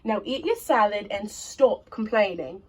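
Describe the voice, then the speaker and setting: A woman's voice: mid-range voice, expressive, measured pace, a little mellow, rough recording. Woman playing a scolding giant housewife. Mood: bossy. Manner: scolding, emphatic.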